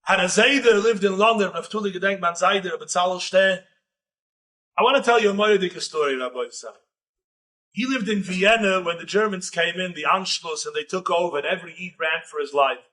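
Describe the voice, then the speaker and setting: High, bright-voiced rabbi telling a story. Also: male voice, fairly quick, recorded from a distance. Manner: animated, building dramatic tension. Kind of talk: storytelling lecture.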